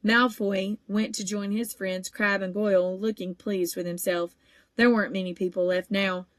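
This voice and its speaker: A woman narrating a children's novel at an easy, steady pace, stumbling now and then on a word. Her voice sits at an ordinary middle pitch. The room is dead and dry, close to the mic. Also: moderate pace, no room sound. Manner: steady, even storytelling with occasional small stumbles. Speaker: audiobook reader. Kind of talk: audiobook narration.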